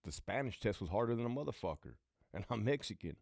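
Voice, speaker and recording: A gravelly, darkish, fairly low male voice moves fast with lively intonation as this late-thirties Southern Californian tells casual, rambling, profane tales from his past. He hosts a channel and used to be a prison guard, and the recording is dry and studio quality.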